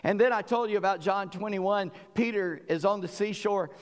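A preacher tells his sermon with lively storytelling, acting out the voices. His voice sits fairly high for a man. Long hall reverb hangs after his words. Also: normal speed. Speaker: pastor.

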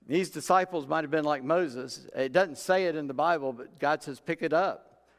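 Folksy preacher in a reverberant church. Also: male voice, fairly high pitch, normal speed. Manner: folksy storytelling, acts out voices in quotes. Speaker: pastor. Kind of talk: sermon. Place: church sanctuary. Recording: long hall reverb.

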